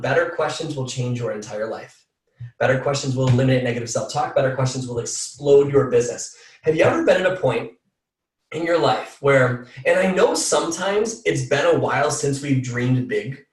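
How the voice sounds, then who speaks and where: A man giving an energetic motivational coaching talk, repeating phrases for emphasis. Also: medium pitch, echoey room, far from the mic. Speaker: team call speaker.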